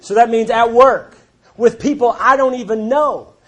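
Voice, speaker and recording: Man, high pitch, recovery meeting speaker, plainspoken, wry humor, personal testimony. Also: normal speed, fairly bright tone. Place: group meeting room.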